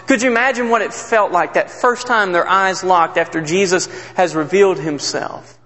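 A man preaching a sermon, retelling scripture with earnest, emphatic storytelling that drops low and soft at sad moments. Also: moderate pace. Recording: long hall reverb.

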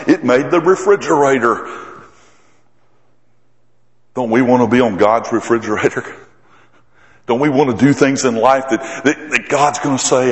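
A man preaching a sermon at a middle pitch. His delivery swings from forceful, climbing emphasis to quiet, drawn-out asides. The voice rings through a large, echoey hall with a long reverb tail.

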